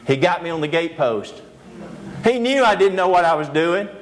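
A man's voice: fairly high pitch, animated, moderate pace, low-quality recording. A male preacher giving a sermon lecture, telling a story animatedly with humorous asides.

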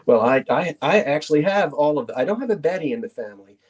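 A man's voice: a little high, expressive, fast talker, darkish tone, slightly rough. Chatty middle-aged male auction host. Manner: chatty, playful, reminiscing. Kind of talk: live online sale chat.

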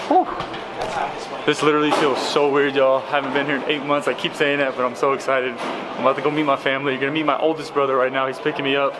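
A young man with a Southern American accent from Tennessee, talking excitedly to camera as a travel vlogger and calling his viewers y'all. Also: medium pitch, fast talker. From Chattanooga, Tennessee, USA. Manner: upbeat, keeps addressing viewers as y'all. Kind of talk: excited casual vlog narration to camera. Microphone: handheld camera mic. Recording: noisy outdoor and travel background.

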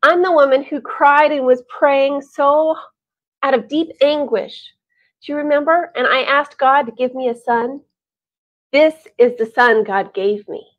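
A grieving young woman pours out a slow, earnest plea, her voice sitting a touch high, as a woman storyteller puts her on. The recording sounds dull and lo-fi. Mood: hopeful.

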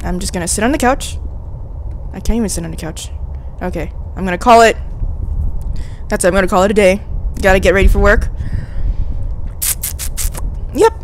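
A woman's voice: mid-range voice, normal speed, long pauses, slight background noise. A young woman hosting a let's play, chatting casually to herself as she plays and getting easily startled. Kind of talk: casual gameplay commentary.

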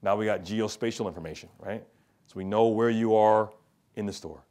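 A man's voice: on the low side, moderate pace, a little mellow. A middle-aged man giving a business presentation to students, telling stories and asking the audience rhetorical questions. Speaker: keynote speaker and consultant.

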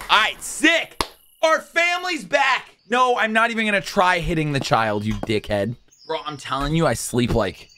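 A man hosting a let's play, joking and excitable, swinging from mumbles to shouts. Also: medium pitch, slight background noise. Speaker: gaming channel host.

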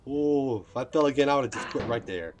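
A man's voice: mid-range voice, lively intonation, quick pace, soft background music. A man streaming a game, commenting live with frustrated outbursts and swearing.

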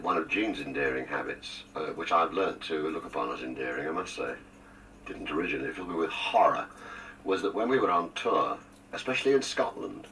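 A man's voice: low voice, fairly bright tone, far from the mic, a little hiss or hum, rough recording. An older man, a guest on a radio interview, reminiscing with jokes and theatrical asides. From England. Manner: jokey, theatrical storyteller with asides.

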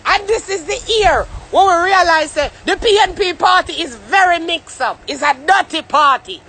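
A young Jamaican man vlogging in patois, ranting loudly and cursing about the year, turning often to the listener. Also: extremely high pitch, normal speed. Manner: loud, swearing, animated rant with frequent asides to the listener.

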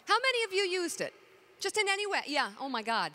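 A woman's voice: sits high, big pitch swings, measured pace, bright, forceful tone. A middle-aged woman, a talk show co-host and author, talking candidly and with self-deprecating humor on a conference stage.

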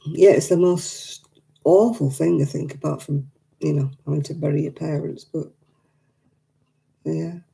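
A woman talks to her live audience over a webcam mic, stopping to greet viewers by name and answer their comments. Her voice is very dark and gravelly, with plenty of fry, and she keeps a casual, heartfelt tone. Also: low-pitched, fairly even intonation, measured pace, pauses often, poor audio. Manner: emotional about her late dog. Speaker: craft livestream host.

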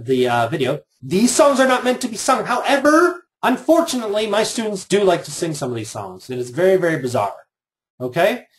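A middle-aged man leading a live online workshop for teachers, chatty and joking, with sarcastic asides. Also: on the high side. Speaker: teacher trainer.

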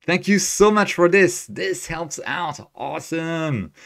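This man's voice is a little high and fairly bright, expressive and slow, with some vocal fry. At his home desk in Tokyo, he leads a live astrophotography screen tutorial, thinking aloud as he works and reading chat with a cheerful manner.

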